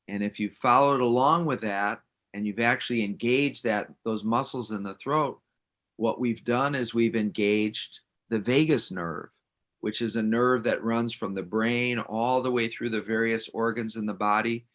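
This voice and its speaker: A man leading a guided breathing exercise in a gentle, calm way. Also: lowish voice, measured pace. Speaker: breathing instructor.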